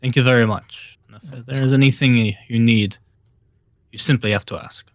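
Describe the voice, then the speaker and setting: A man's voice: medium pitch, steady tone, no echo, lightly acted. A man playing a polite, diplomatic vampire. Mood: courteous. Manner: polite and diplomatic, a little halting. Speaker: player. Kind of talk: live-streamed tabletop role-play.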